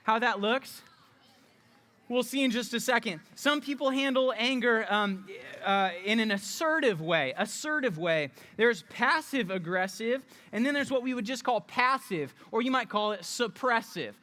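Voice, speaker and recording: A youth pastor leading an interactive youth group session. The voice is bright and playful. They coach volunteers through a skit with easy humor. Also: medium pitch, lively intonation, normal speed.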